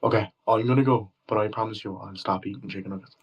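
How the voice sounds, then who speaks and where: A man talking to a stranger on a video chat, joking and talking quickly while trying to get away. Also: lowish voice, fairly even intonation, breathy edge, muffled recording. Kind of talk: casual video-chat banter. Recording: distant through a video call.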